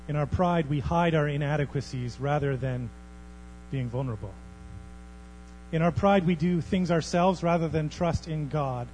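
A man preaching a sermon as pastor, swinging from hushed, almost whispered passages to loud, thundering ones. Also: a little high, rough recording. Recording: faint mains hum.

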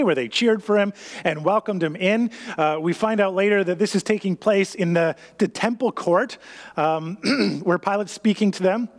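A man preaching a sermon, acting out everyday scenes with lively, raised voices between calmer teaching. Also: high voice, big-room sound. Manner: animated, acts out scenes in a raised voice. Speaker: pastor.

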